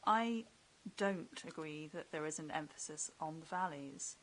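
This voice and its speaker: Woman witness at an inquiry, firm, slightly low voice, faint hiss. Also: a little slow, rough recording. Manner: firm, clear disagreement. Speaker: expert witness. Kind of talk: inquiry testimony. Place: public inquiry hearing.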